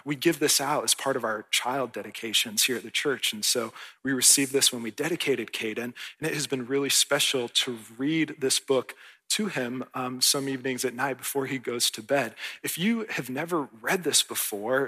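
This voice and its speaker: A pastor in his thirties delivers a sermon with an earnest, conversational manner. His voice is bright and forward with a husky edge, and he keeps checking in with the congregation. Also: medium pitch, moderate pace. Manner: earnest, conversational, often asks "right?". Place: church.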